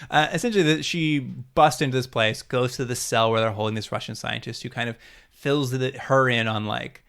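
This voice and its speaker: A man's voice: medium pitch, moderate pace, vocal fry, a bit bright, clear, resonant tone. A man co-hosting a podcast, chatting casually as he retells a TV episode and laughing often. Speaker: podcast co-host. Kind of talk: casual chat recapping a TV episode.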